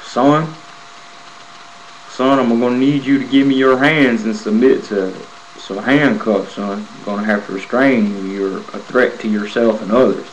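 A man voicing a stern, calm male prison corporal who gives measured, formal warnings. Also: mid-range voice, a little hiss or hum, close to an everyday voice, low-quality recording. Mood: firm.

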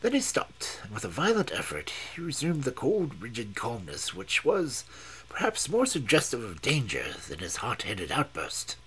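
Man, story reader, husky, very animated voice, dramatic narration. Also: medium pitch, moderate pace. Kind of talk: audiobook reading, live stream.

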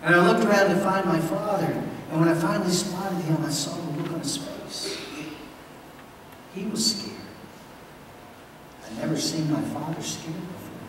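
Man storyteller, slightly high voice, heard far off in a ringing church hall with hiss behind. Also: fairly even intonation, a little fast, few pauses. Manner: speaks directly to the children, building suspense. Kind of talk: first-person dramatic monologue for children. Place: large church sanctuary. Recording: echoey church hall, distant mic, background noise.

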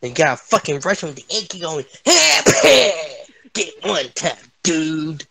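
A young man swearing and yelling his way through a shooter game as a gaming streamer. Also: fairly high pitch, moderate pace. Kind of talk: angry gameplay commentary.

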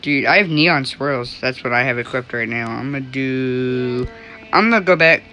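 Bright-voiced woman chatting over a game. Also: a bass voice, normal speed, slight background noise. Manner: chatty, breaks into excited cries. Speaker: gamer. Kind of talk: casual chat while playing an online game.

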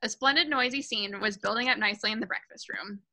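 Woman book-club reader, fairly high, bright voice, over a video call. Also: fast talker, low-quality recording. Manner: lively, self-correcting as she reads. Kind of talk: reading a children's novel aloud.

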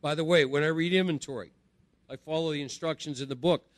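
A man's voice: a little high, quick pace, dry recording. Man giving a conversational recovery talk. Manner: conversational, repeats phrases and asks "right?". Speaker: recovery speaker. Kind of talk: spiritual talk to a group.

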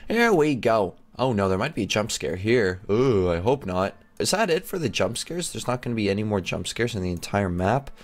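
A young man hosting a gaming video, chatting excitedly to his viewers as he plays. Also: lowish voice, moderate pace, hardly any pauses. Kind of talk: game commentary.

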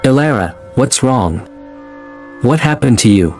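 A man's voice: medium pitch, animated, measured pace, darkish tone, faint music behind, natural voice. A man voicing a worried village man. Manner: anxious, urgent questions.

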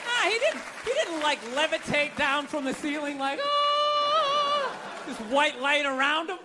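A man's voice: very high voice, moderate pace, a loud crowd, heavy background noise. A man doing stand-up comedy, ranting in a profane, incredulous way before a live audience. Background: audience laughter.

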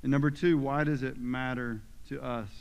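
A man's voice: medium pitch, fairly even intonation, normal speed, vocal fry, clear, resonant tone, highs cut off. A male pastor delivering a sermon, reading scripture with emphatic, dramatic force. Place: church sanctuary. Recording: long reverb of a church hall.

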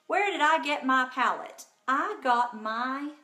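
A woman's voice: sits high, animated, slow, pushed and bright, echoey room. A woman hosting a casual live makeup tutorial from home, chatty and bubbly, talking to viewers by name. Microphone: phone.

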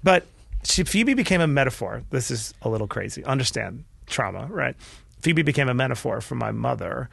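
Man, middle-aged, very gravelly voice, dry close recording, earnest candid storytelling, mid pitch. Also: big pitch swings, a little fast, dry recording. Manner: earnest and emotional, with frequent restarts and quiet dips. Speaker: podcast guest, entrepreneur.

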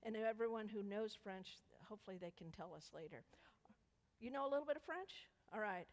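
A woman's voice: mid-range voice, a little fast. Playful woman leading a children's sermon. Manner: playful, coaxing questions to children. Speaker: children's message leader. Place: church sanctuary. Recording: echoey church hall.

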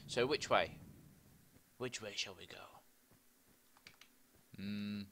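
A man's voice: fairly low pitch, slow, bright, forceful tone, slight background noise. A young man chatting and rambling to himself as he plays Minecraft. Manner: chatty, rambling, talks to himself while playing. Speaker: gaming video host. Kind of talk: casual Minecraft let's play commentary.

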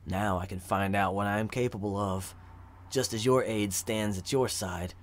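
A man's voice: lowish voice, fairly even intonation, normal speed, natural voice. A man voicing a gleeful, giggling old male necromancer locked in a prison cell, talking in a sly, gloating way.

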